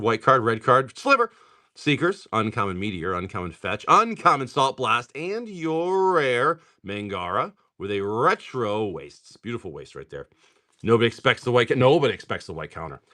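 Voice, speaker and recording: A middle-aged man selling cards on a live stream chats casually as he opens packs, his mid-range voice pushed and bright. He rattles off card names rapidly and tosses chatty asides to buyers in this easygoing pack-opening commentary.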